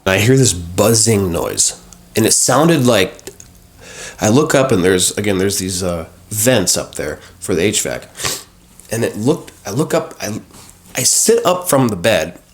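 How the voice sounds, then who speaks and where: A man with a slightly low voice recounts a personal experience in an interview. He talks casually and animatedly, full of fillers and restarts. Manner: animated, acts out dialogue, frequent fillers. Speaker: guest sharing recovery experience. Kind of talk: conversational storytelling.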